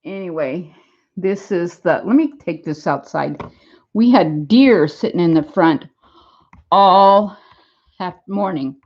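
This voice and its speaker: A woman's voice: lowish voice, slow, long pauses, darkish tone. An older woman vlogging in a casual, rambling way from her home and yard, laughing easily as she chats. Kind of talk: casual chat. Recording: dull lo-fi phone audio.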